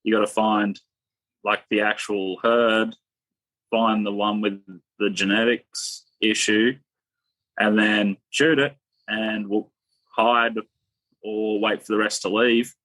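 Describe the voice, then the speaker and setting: A man's voice: fairly low pitch, little pitch movement, slow pace, pauses often, fairly bright tone, dry recording, poor audio. A man talking bluntly and with strong opinions in a casual podcast chat, filling his talk with "and that". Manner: blunt, opinionated, drawling fillers. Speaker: podcast guest.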